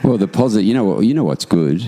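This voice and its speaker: A man's voice: on the low side, very animated, quick pace, mellow. A man co-hosting a podcast at his home in Bali, talking in a blunt, matey casual way. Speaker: guest co-host. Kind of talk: casual chat.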